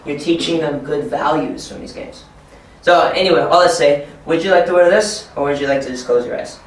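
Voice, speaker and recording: Encouraging male teacher in an echoey hall. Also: a little fast. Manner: encouraging, acts out excited kids in a high voice. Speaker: ESL teacher trainer. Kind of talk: teacher training session. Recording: echoey room from far off.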